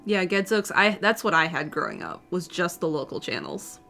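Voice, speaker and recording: A woman co-hosting a live stream, chatting casually with short, low-key remarks. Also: huge pitch swings, moderate pace, pushed and bright, soft background music. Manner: brief, low-key interjections. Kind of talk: casual chat.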